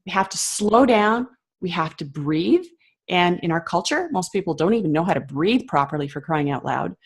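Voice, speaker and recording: A woman speaking as a guest in a conversational interview, talking passionately and emphatically with reflective pauses and fillers. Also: lowish voice, lively intonation, breathy edge.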